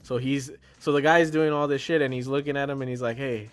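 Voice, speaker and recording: A man's voice: mid-range voice, quick pace, clean tone, soft background music. A man in casual chat, reviewing a film and eagerly retelling its scenes. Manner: animated retelling of scenes, acts out lines. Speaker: podcast co-host.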